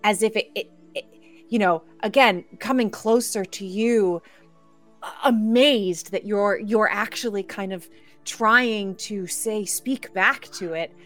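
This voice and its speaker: A woman's voice: medium pitch, slow pace, soft background music. A woman running a tabletop game as game master, describing scenes with restarts and searching for words.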